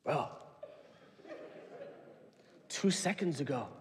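A male pastor preaching a sermon in a church, telling stories in an animated, humorous way. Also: sits high, measured pace, slight background noise. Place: church sanctuary. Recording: long reverb of a large hall.

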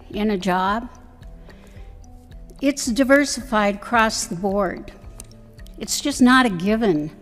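A woman's voice: medium pitch, long reverb tail. A woman speaking firmly and emphatically as a council member at a formal public meeting.

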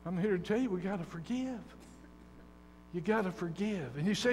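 A man's voice: high voice, animated, moderate pace, darkish tone, a little hiss or hum. A man in his sixties, a guest preacher giving an emphatic, folksy sermon full of stories and jokes in a church sanctuary. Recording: long church reverb.

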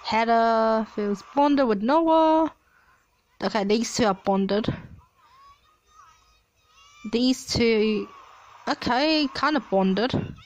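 A young woman chatting casually as she reads out results from a simulation game, with frequent excited exclamations. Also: fairly high pitch, very slow, pauses often, muffled recording. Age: young adult. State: coughing at times. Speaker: player reading a simulator. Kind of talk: casual play-along commentary.

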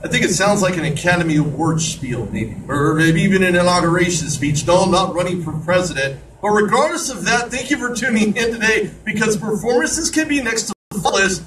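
High-voiced man hosting a radio show. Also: lively intonation, fairly quick, hardly any pauses. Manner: chatty, joking asides. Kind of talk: solo radio monologue. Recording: distant mic with clear background noise.

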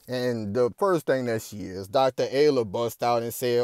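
Guy ranting and cussing through his commentary, mid pitch, dry close sound. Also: normal speed, darkish tone, clear, resonant tone, dry recording. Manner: heated, profane, repeats "you dig" and "goddamn it".

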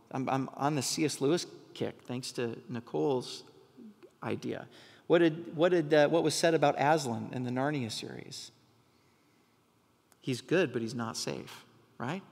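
Passionate high-voiced male preacher, reverberant hall. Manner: passionate, sometimes yelling for emphasis. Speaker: pastor. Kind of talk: sermon. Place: church hall.

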